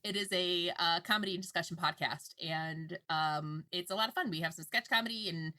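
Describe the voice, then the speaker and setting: A woman's voice: lowish voice, brisk, sharp tone, no room sound. Laid-back woman guesting on a podcast. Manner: laid-back, self-deprecating. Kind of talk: casual podcast chat.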